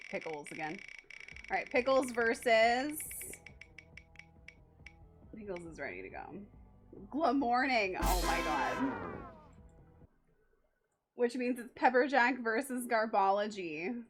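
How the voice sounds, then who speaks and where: A young adult woman streaming a game live, reacting excitably, laughing often and talking to her chat. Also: mid-range voice, measured pace, pauses often, over music.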